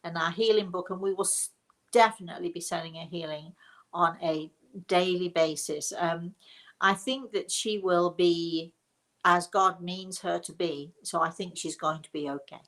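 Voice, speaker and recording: Middle-aged english lady medium rambling on a livestream, bit low voice, lots of restarts. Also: fairly even intonation, normal speed, fairly bright tone. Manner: chatty, rambling, with many restarts and laughs. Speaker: psychic medium and show host. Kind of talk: live-stream question and answer.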